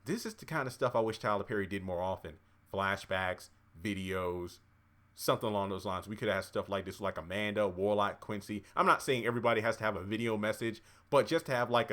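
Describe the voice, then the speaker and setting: Male TV recapper, casual and excitable, lower-pitched voice, quick to exclaim. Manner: chatty, excitable, cheers and exclaims at scenes. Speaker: TV episode reviewer.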